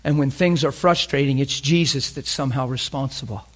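This preacher speaks with a medium-pitched voice at a fairly quick clip. Fervent and visibly emotional, he quizzes the congregation and moves between loud stresses and hushed, almost whispered passages.

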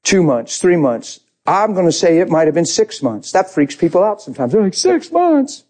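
A man's voice: a little high, expressive, brisk, warm tone. A man preaching a sermon, telling his own story with passion and acting out his prayers.

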